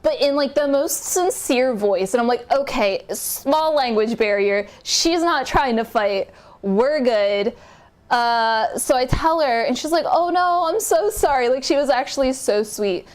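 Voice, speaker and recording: A young woman vlogger telling a travel story in a loose, animated way, swearing freely and laughing as she goes. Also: on the high side, a little slow. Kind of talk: casual storytime chat.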